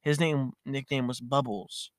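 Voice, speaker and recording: A young man casually telling a funny story, animated and often laughing. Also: medium pitch, measured pace, dry recording, studio quality.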